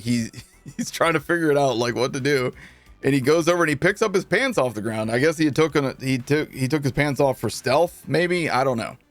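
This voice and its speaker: A man with a mid-range voice and no echo streams a game and chats casually. He tells a long story with lots of animation and laughing, acting out the quotes himself.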